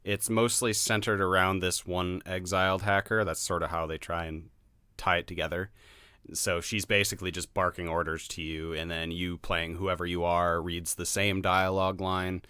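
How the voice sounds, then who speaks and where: Man, podcast co-host, low pitch, smooth, dry sound, blunt. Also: level tone, normal speed, bright, forceful tone, dry recording. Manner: blunt, laughs often. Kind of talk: casual chat.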